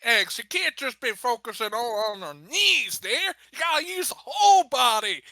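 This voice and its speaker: A woman's voice: fairly high pitch, sing-song, normal speed, bright, forceful tone, no room sound, studio quality. A woman player joking around at a tabletop game, in a playful, mock-lecturing way.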